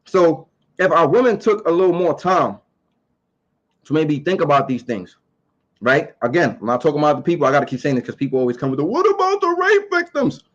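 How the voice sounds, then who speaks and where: A man's voice: fairly high pitch, fairly quick, dull audio. A man giving his opinions in a casual monologue to camera. He talks emphatically, repeats his points and asks rhetorical questions.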